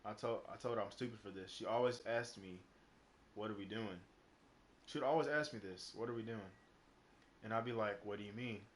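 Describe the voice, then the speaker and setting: A man's voice: on the low side, brisk, long pauses, slight background noise. A young man streaming live, telling a personal story in a rambling, casual way full of fillers and swearing. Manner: rambling, heavy on fillers and profanity.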